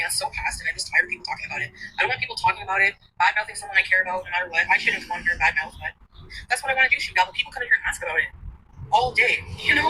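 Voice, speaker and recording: A woman venting on a livestream, profane and ranting, going from angry outbursts to quieter talk. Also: medium pitch, a little hiss or hum, poor audio.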